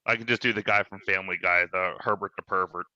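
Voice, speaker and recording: A man's voice: low voice, steady tone, fast talker, pushed and bright, no echo, highs cut off. A man on a fan show panel, chatting in a jokey, playful way. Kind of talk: casual joking chat.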